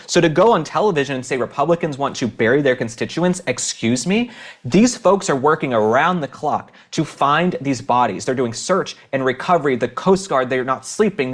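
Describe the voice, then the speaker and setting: A man from Texas hosting his own podcast, delivering opinionated political commentary in an indignant, emphatic way with sarcastic asides. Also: a little high. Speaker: podcast host.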